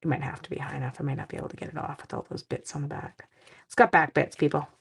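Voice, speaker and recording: Tired, gravelly Canadian woman crafting live. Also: low-pitched, little pitch movement, very fast, a little mellow. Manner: playful, chatty, talks to viewers while working. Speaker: card-making livestream host. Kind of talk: casual crafting livestream chat.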